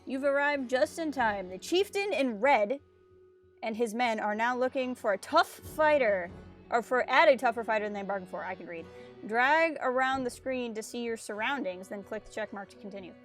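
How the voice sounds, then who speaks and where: Woman, casual live streamer, chatty and joking, reads game text aloud, slightly high voice, soft background music. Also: expressive, moderate pace.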